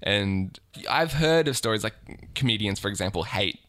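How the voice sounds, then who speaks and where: A man co-hosts a podcast in casual, playful chat. His voice is bright and swings widely in pitch as he tells stories. It is recorded dry on a close microphone. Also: moderate pace, no room sound. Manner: playful, animated storytelling with laughter. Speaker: podcast co-host.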